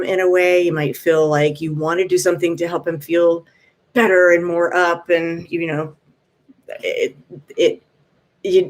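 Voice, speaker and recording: A woman speaking gently to a viewer, offering warm encouragement in a casual vlog. She pauses often to find her words and laughs softly now and then. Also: on the low side. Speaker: vlogger. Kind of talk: casual heartfelt advice talk.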